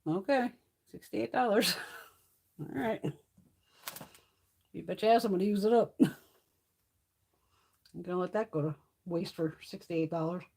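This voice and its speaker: A woman's voice: mid-range voice, a little slow, long pauses, warm tone. A middle-aged woman hosting a beauty livestream, chatting casually with viewers and telling stories full of swearing and laughter. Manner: profane, laughing storyteller. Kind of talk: casual chat with live viewers.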